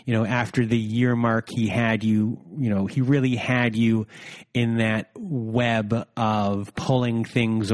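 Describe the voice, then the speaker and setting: A man hosting a podcast, asking questions deliberately and pausing to search for the right words. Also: mid-range voice. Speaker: podcast host. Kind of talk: interview questions.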